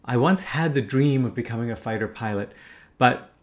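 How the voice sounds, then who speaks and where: A man's voice: medium pitch, normal speed. A man in his fifties from Canada, telling a first-person story in a wry, casual way, swearing freely. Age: 50s.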